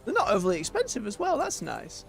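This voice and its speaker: A man with a somewhat high voice streams a role-playing game and chats as he goes. His pitch rises and falls freely as he muses out loud. Soft game music plays faintly behind him. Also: huge pitch swings, fast talker, creaky. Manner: chatty, thinking aloud while playing. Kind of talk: casual live-stream commentary.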